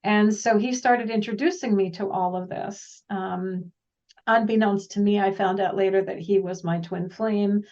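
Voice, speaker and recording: Distant, animated woman telling her story. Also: medium pitch, moderate pace. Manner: animated, rambling, often acts out quoted dialogue. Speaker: guest, intuitive practitioner. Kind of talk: casual personal storytelling. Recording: distant, dull lo-fi sound.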